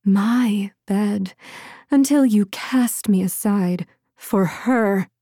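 Narrator puts on a mocking, hissing villainess, slow and gloating, dry close sound. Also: female voice, medium pitch, warm tone, no room sound. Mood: menacing. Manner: taunting, hissing, singsong. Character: vengeful female villain, prowling and mocking.

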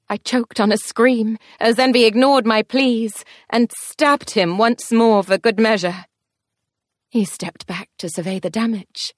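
A woman reads a first-person fantasy story aloud in an even mid-range voice. Her telling is expressive, speeding and slowing with the action, and the sound is close and dry with no room around it. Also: mid-range voice, dry recording. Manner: expressive, tense storytelling pace shifts. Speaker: audiobook narrator.

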